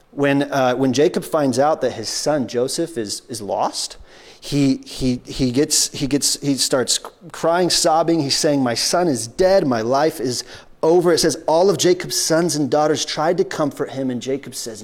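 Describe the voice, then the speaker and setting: Delivering a sermon conversationally, this pastor has a mid-range, slightly mellow voice. He frequently starts his sentences over and briefly performs the voices of figures from the Bible.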